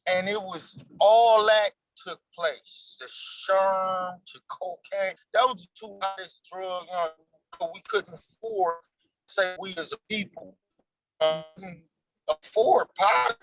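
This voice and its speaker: A man's voice: high-pitched, slow, fairly bright tone, no echo, rough recording. A man in his forties, an actor being interviewed, talking in a loose, slangy and emphatic way. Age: 40s. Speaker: actor guest. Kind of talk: casual interview chat.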